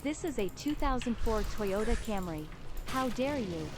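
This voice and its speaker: A prickly, high-pitched car owner bristles with mock outrage, as a man puts the voice on. The voice sits well above a normal man's speaking pitch, and a faint hiss hangs behind it. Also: animated, moderate pace. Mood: mock outraged.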